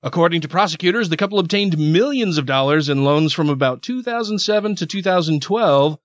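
A man's voice: on the high side, lively intonation, brisk, no room sound, highs cut off. A man co-hosting a casual podcast, reading news articles aloud and adding sarcastic asides. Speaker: podcast co-host.

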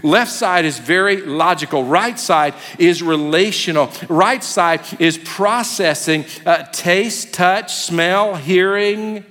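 A man in his fifties preaching a sermon as a pastor, animated and humorous, acting out quotes. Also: high voice, slow pace, few pauses. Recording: long hall reverb.

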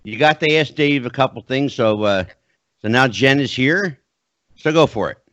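A man's voice: mid-range voice, moderate pace, dry recording. A man hosting a podcast, chatting casually and frankly, and owning up to his weaknesses. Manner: lively, talks straight up and self-deprecating. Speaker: podcast host. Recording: dry, slightly dull video call audio.

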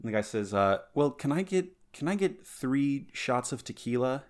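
A man's voice: medium pitch, big pitch swings, normal speed. Easygoing man hosting a podcast. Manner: rambling, restarts sentences, easygoing. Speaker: podcast host. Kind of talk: casual chat.

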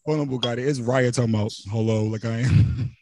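A man's voice: mid-range voice, steady tone, brisk, a little mellow, dry recording, studio quality. A man co-hosting a casual podcast chat, teasing and laughing as he asks questions. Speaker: podcast co-host asking questions.

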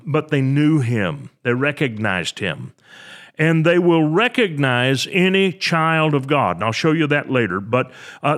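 A man preaching a sermon in a fairly high voice that rises and falls with lively movement. He works through scripture in an earnest, expository way, explaining each verse to his listeners. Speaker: Bible teacher. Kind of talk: sermon teaching.

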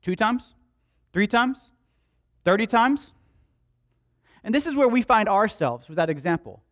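A man's voice: high voice, sing-song, a little slow, fairly bright tone. A man preaching a sermon in a conversational way, with joking asides to the congregation. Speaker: pastor.

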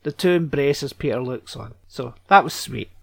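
A man's voice: medium pitch, normal speed, vocal fry, fairly bright tone, no echo. A man hosting a podcast, recapping a TV episode in casual chat with sarcastic asides and casual swearing.

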